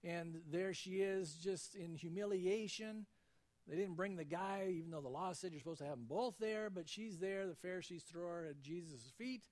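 A man with a high voice delivers a sermon in a relaxed, conversational tone. He preaches as a pastor and slips into the voices of the people he quotes. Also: normal speed.

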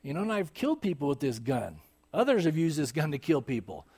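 A preacher voicing a hardened gambling-hall owner. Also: male voice, a little high, big pitch swings, fairly quick, a little mellow, breathy edge, exaggerated voice. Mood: pleading. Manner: pleading, insistent. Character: hardened male gambling-hall owner, menacing then broken.

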